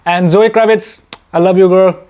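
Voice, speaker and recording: A man's voice: high voice, steady tone, normal speed, darkish tone. A young man from India hosting a casual Q&A for his channel, chatty and self-mocking, laughing often. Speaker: YouTube channel host. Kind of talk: casual Q&A chat.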